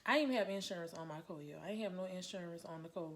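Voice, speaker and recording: Animated woman telling a story. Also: fairly low pitch, very fast, a little hiss or hum. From Louisiana. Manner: animated, addresses viewers as "y'all", acts out her own lines. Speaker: vlogger telling a personal story. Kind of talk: casual storytime to camera.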